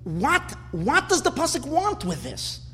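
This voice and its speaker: A man's voice: extremely high pitch, wildly swooping pitch, measured pace, fairly bright tone, faint music behind. A man teaching a Torah class, asking questions and rising into emphatic bursts. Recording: hall reverb with faint ambience.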